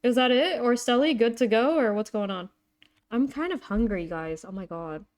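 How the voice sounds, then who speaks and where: A young woman streaming a game live, chatting excitably with her viewers. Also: on the high side, normal speed. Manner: chatty, excitable, talks to chat. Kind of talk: casual live-stream chat.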